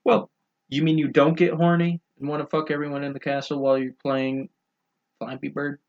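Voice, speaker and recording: A man's voice: fairly high pitch, little pitch movement, fairly quick. A young man co-hosting a podcast, chatting casually and making crude, rambling jokes. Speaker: podcast co-host. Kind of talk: casual chat. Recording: dull lo-fi podcast audio.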